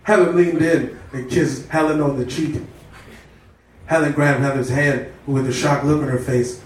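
A man reading a story aloud at a live comedy show, deadpan, with stumbles and asides. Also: on the high side, normal speed. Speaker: comedy reader. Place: live comedy stage indoors. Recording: echoey room, distant mic, noisy.

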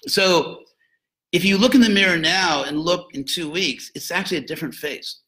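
A man's voice: high-pitched, normal speed, bright, forceful tone, rough recording. A man giving an informal lecture on philosophy and religion, digressive and jokey, with frequent asides.

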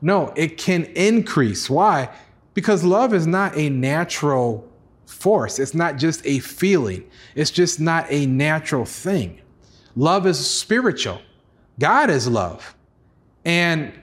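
A man preaching a sermon as pastor, earnest, acting out voices with sudden rises in pitch. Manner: earnest preaching, acts out God's pleading voice, rises high for excited lines.

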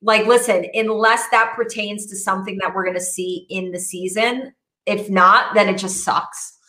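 Bright, tense-voiced woman co-host. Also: medium pitch, fairly even intonation. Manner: quick agreeing interjections. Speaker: podcast co-host. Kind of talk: casual chat.

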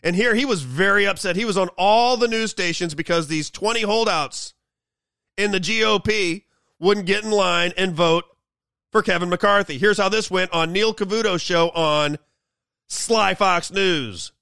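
Brief: male show host, sarcastic political rant, high gravelly voice, dry close sound. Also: unhurried, pushed and bright, no echo. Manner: sarcastic, mocking. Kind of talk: political commentary monologue.

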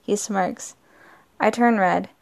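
Woman narrator, mid-pitched with a creaky texture, amateur first-person reading with slips. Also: fairly even intonation, slow pace. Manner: plain reading with frequent slips and restarts. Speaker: story reader.

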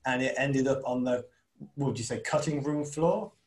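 A man's voice: mid-range voice, normal speed, poor audio. A man co-hosting a podcast in casual chat, chatty and self-deprecating, asking long rambling questions. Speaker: podcast co-host.

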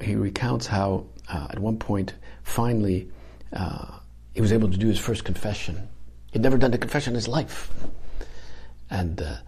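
A man preaching an informal homily in a conversational, halting way, with restarts and frequent dips into a whisper. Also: fairly low pitch, a little mellow, breathy edge.

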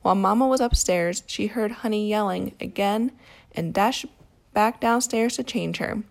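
A woman reading a picture book aloud to a child, telling the story in a calm, steady way. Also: mid-range voice, normal speed, gravelly. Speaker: storybook reader.

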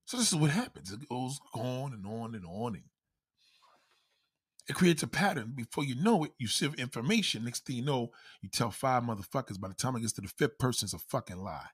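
A man ranting in a loud, profane, comedic style, constantly swearing and acting out quoted voices. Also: medium pitch, expressive, a little fast, breathy edge.

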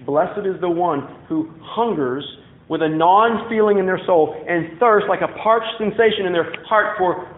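A man preaching a sermon as pastor, swinging from loud emphasis to hushed, drawn-out words. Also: a little high. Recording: echoey room on a tinny phone-like line.

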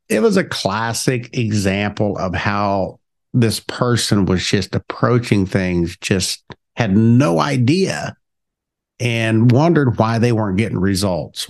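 A middle-aged man swapping sales stories in a relaxed chat. He talks with lively ups and downs in his voice. He slips in and out of the people in his stories. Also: on the low side. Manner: animated, acts out both sides of his stories. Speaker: podcast co-host. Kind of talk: casual storytelling chat.

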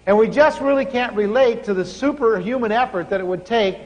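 A man preaching a sermon, telling a personal story and acting out his conversation with God in an animated way. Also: high voice, brisk. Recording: long hall reverb.

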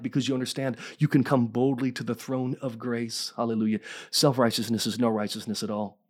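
A man preaching a sermon as pastor, fervent and emphatic, often rising in pitch and throwing questions to the congregation. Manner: fervent preaching, rising to near-shouts, call-and-response questions.

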